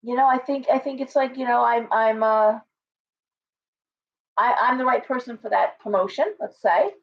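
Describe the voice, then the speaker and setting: A woman's voice: fairly high pitch, steady tone. Chatty woman reading tarot cards, distant lo-fi. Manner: chatty, blunt, with quick asides and restarts. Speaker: tarot reader. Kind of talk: casual live-stream tarot reading. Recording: distant, dull lo-fi sound.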